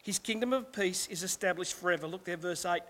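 Man, high voice, pastor, emphatic sermon, rhetorical asides, long hall echo. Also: brisk, fairly bright tone.

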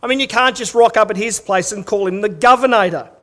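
High-voiced Australian pastor preaching. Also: male voice, fast talker, pushed and bright. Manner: humorous storytelling, wry asides and rhetorical questions. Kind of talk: sermon.

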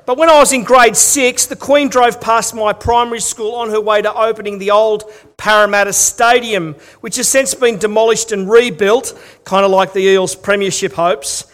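Aussie pastor guy, pretty high voice, jokey sermon storytelling. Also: steady tone, normal speed, fairly bright tone. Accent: Australian. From Australia. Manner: humorous storytelling, wry asides and rhetorical questions.

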